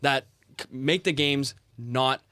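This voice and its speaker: A man's voice: medium pitch, takes it slowly, bright, forceful tone, dry recording. A young man in his twenties co-hosting a football podcast, talking emphatically and ranting to prove his point. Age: 20s. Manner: emphatic, ranting, self-vindicating. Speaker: podcast co-host. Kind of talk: casual football podcast chat.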